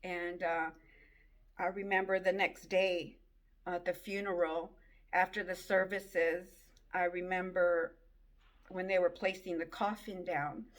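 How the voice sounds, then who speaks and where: A woman giving an emotional personal testimony, speaking in a halting, tearful way. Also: on the low side. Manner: slow, halting, tearful storytelling.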